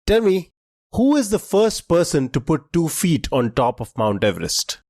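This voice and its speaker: A man co-hosting a trivia podcast, relaxed and explanatory, filling pauses with "uh" while he lays out facts. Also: a little high, no room sound, studio quality. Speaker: quiz podcast co-host. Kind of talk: casual quiz podcast chat.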